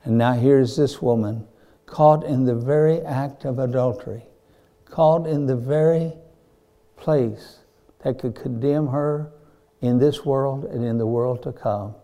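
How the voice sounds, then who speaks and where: Male preacher, very dark mellow voice, fervent sermon delivery with emphatic peaks. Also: mid-range voice, a little slow. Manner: fervent, repeats "my friend", rises to emphatic peaks.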